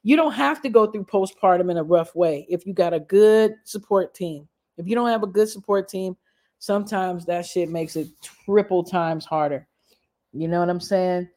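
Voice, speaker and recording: A woman's voice: lowish voice, normal speed, dark tone. A woman hosting a casual gossip vlog, talking bluntly and cursing freely to her viewers. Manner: blunt, heavy cursing, chatty asides. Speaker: gossip vlogger. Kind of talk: casual profane commentary.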